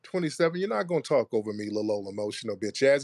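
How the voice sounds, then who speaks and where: A man hosting a live online audio room, taunting and talking down to a caller with slow, deliberate jabs. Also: mid-range voice, expressive, darkish tone, no room sound. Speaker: host. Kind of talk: confrontational live audio chat.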